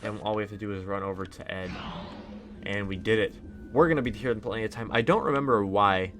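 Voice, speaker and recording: A man's voice: lowish voice, fast, a bit bright, soft background music. A man giving casual, rambling gameplay commentary with lots of fillers. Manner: rambling, chatty, many fillers. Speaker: let's play host.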